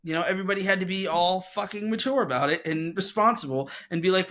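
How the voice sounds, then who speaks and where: Man, podcast co-host, casual chat, rambling and animated, swears a lot, fairly high-pitched voice. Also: fairly quick, few pauses.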